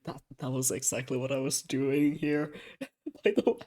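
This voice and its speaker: Young adult streamer, casual chat, animated storytelling, rambling asides, laughs a lot, middle pitch. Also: normal speed. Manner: rambling, many fillers and asides. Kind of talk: casual chat while drawing.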